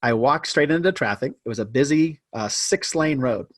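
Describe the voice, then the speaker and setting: Man, podcast guest, animated storyteller, self-deprecating, average pitch, dry recording. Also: no room sound. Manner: animated storytelling, pace speeding up and slowing for effect. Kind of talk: casual storytelling interview.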